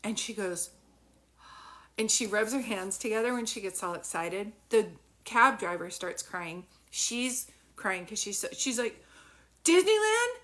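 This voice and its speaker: A woman's voice: mid-range voice, measured pace, bright, forceful tone. Chatty woman psychic on a live stream. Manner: chatty, breaks off mid-story to thank viewers by name. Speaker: psychic medium. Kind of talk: casual storytelling on a live stream.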